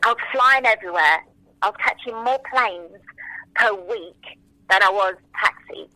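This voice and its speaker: A woman in her forties, a French native speaker, is an interview guest sharing memories with lively enthusiasm. She often slips into little acted-out quotes. Her voice is bright and crisp, recorded close and dry with no room sound. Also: medium pitch, a little slow, dry recording, rough recording. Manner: animated, enthusiastic, acts out quotes. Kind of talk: casual interview storytelling.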